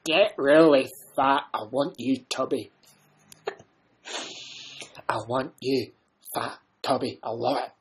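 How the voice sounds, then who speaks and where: A man's voice: mid-range voice, slightly rough, exaggerated voice. A man putting on the voice of a pushy old Scottish man who speaks as an inner voice, with a Scottish accent. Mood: bossy. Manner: slow, insistent, pushy.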